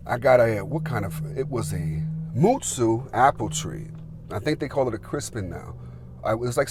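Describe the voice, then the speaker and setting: A man's voice: medium pitch, a little mellow. A man, telling a rambling, filler-heavy story as a gardening vlogger. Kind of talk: casual storytelling.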